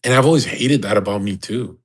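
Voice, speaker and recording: A livestream host delivers a crude, rambling, exasperated monologue full of profanity. His voice is on the low side, brisk and slightly rough.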